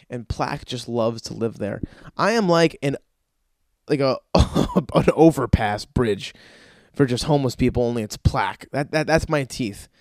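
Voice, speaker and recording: A man's voice: mid-range voice, darkish tone, dry recording, studio quality. A man giving a stand-up comedy rant, profane and exasperated.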